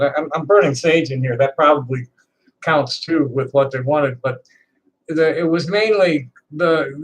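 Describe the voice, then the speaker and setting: A trans woman in her sixties ranting to camera in a profane, defiant, bitter way, halting and repeating words with laughing asides. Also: rumbling low, low-quality recording. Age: 60s. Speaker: vlogger. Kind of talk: unscripted rant to camera.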